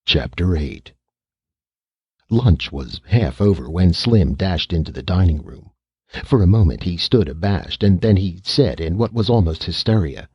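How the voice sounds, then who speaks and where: A man's voice: lively intonation, unhurried, breathy edge, dry recording, muffled recording. A man reading a science fiction short story aloud as an audiobook narrator, giving each character a voice of his own. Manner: reads every character's lines himself, lifting his pitch for children and the mother.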